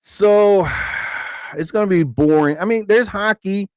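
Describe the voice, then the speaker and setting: A man hosting a live stream, telling rambling stand-up stories casually, laughing often and jumping into higher voices to act out quotes. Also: normal speed, no echo. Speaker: live show host, comedian.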